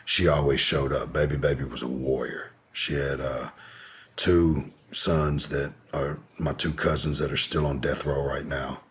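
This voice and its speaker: A man's voice: extremely low pitch, flat delivery, measured pace, husky. A man telling a personal story in an interview, in a laid-back, rambling way, with lots of "you know". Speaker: podcast guest.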